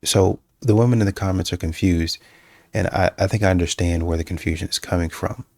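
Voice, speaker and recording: A man with a low, gravelly voice holds forth in casual reaction commentary, repeating his points with emphasis and plenty of fillers. The sound is dry and close, with no room echo. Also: fairly quick. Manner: repetitive and emphatic, with many fillers and restarts; breaks into mocking, animated quoting.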